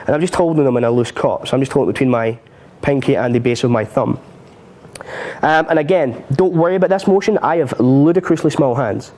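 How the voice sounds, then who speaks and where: Man, magic tutorial on a live stream, chatty, jokes at his own expense, laughs a lot, ordinary middle pitch. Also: a little fast, warm tone. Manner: chatty and self-mocking, laughs often. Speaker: magic instructor.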